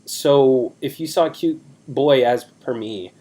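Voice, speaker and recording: A man's voice: mid-range voice, takes it slowly, dark tone, a little hiss or hum. A young man in his twenties, a podcast co-host, chatting in a rambling, self-deprecating way on a video call. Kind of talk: casual chat.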